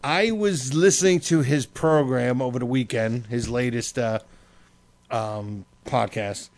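A man's voice: mid-range voice, unhurried. A man hosting a radio show, telling stories in loose casual banter full of fillers. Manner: loose storytelling with many fillers.

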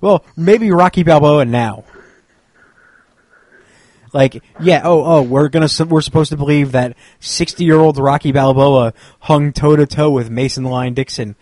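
Man co-host, slightly high voice, dry close sound, rambling jokey banter. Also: unhurried, a little mellow, dry recording. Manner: rambling, joking, stammering restarts. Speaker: podcast co-host. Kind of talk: casual banter.

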